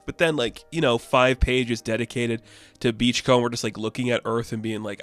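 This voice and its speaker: A man's voice: mid-range voice, fairly even intonation, moderate pace, fairly bright tone, soft background music. A man chatting casually through a comic book review, rambling and filling gaps with "like". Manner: rambling, many "like" fillers.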